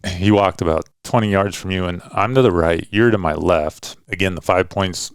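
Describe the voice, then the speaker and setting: Deep gravelly middle-aged guy, laid-back rambly hunting story, dry close mic. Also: moderate pace, no echo. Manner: relaxed storytelling, loose and rambling with frequent "kinda" and "like". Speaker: podcast host and hunting dad.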